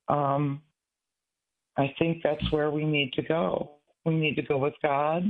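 A man in his sixties from Michigan, calling in to a radio show, talking in an earnest, halting, rambling way. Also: on the high side, level tone. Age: 60s. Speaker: caller. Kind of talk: call-in radio talk. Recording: tinny phone line.

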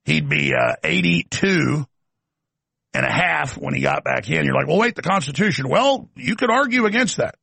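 A man's voice: a little high, sing-song, normal speed, vocal fry, sharp tone, no echo. A man hosting a political talk show, delivering an emphatic, ranting monologue with sardonic asides.

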